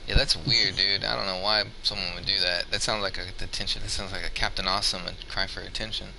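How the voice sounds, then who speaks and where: A man's voice: low voice, fairly even intonation, quick pace, creaky, background noise. A young man chatting with a friend over game voice chat, talking bluntly, using slang and mocking freely. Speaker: gamer friend. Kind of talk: casual chat while gaming.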